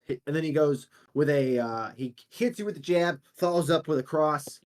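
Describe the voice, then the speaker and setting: A man narrating as dungeon master, unhurried and laughing easily, with fillers between descriptions. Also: on the high side. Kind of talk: narrating a tabletop game.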